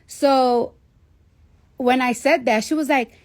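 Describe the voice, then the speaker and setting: A woman's voice: sits high, takes it slowly. A woman in her thirties telling a story casually on a live stream, swearing freely and acting out the dialogue. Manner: profane, animated storytelling with quoted dialogue. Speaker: livestreamer.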